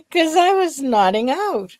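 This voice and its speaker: A middle-aged woman who speaks slowly and reflectively, thinking things through out loud. Her voice sounds dry and close, with no room around it. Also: high voice, big pitch swings, no echo. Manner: slow, reflective, thinks aloud. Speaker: podcast co-host, researcher. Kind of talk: casual podcast chat.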